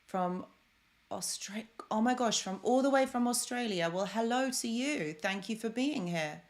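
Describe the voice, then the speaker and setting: A woman's voice: fairly high pitch, animated, normal speed. A woman hosting a live stream, chatting effusively with viewers and greeting them by name, then turning encouraging and reassuring. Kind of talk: casual live stream chat. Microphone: desk microphone.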